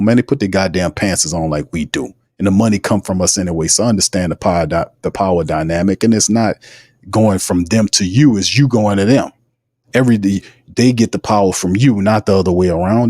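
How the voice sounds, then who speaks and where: A man's voice: lowish voice, a little mellow, no echo, studio quality. A man hosting a sports livestream, ranting in a heated, repetitive way. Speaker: sports podcast host. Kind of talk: casual livestream commentary.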